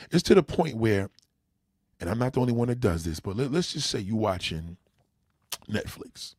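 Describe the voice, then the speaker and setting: A man's voice: lowish voice, breathy edge, no echo, studio quality. A man with a New York accent hosting a livestream, talking emphatically and addressing his viewers directly. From New York City. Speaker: livestream host. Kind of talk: opinionated livestream rant.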